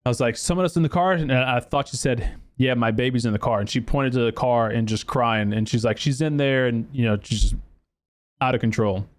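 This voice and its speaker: Male podcast host, swears freely, rambling animated storytelling. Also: medium pitch, brisk. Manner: profane, animated storytelling with acted quotes; lots of fillers and restarts. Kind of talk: casual storytelling.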